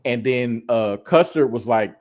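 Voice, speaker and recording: A man's voice: mid-range voice, unhurried, a little mellow. A man chatting casually as co-host, loose and rambling with lots of fillers and restarts. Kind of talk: casual gossip chat.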